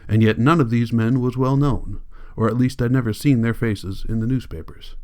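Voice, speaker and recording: A man reading a novel aloud as an audiobook narrator, in a measured, even way. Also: mid-range voice. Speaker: audiobook reader.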